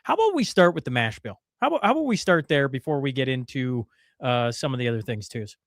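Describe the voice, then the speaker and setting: A man hosting a casual morning podcast, teasing his co-host with quick, lively asides. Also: mid-range voice, dry recording, clean studio sound. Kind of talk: casual morning show chat.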